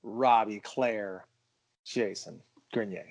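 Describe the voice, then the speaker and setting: A middle-aged man co-hosting a martial arts podcast, telling stories in an animated, boastful way. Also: on the low side, slow, gravelly, a crowd in the background. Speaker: podcast co-host. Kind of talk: casual chat.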